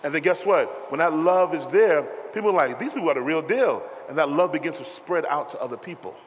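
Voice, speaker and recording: Animated preaching man in a reverberant hall. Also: fairly high pitch, fairly quick, muffled recording, a little hiss or hum. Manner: animated preaching with call-and-response. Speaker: pastor. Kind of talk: sermon. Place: church sanctuary. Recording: reverberant hall with faint ambience.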